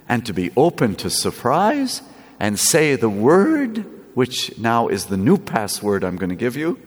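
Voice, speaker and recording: A man preaching a sermon, slow and lively, with playful asides. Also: fairly low pitch. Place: church. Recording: echoey church with long reverb.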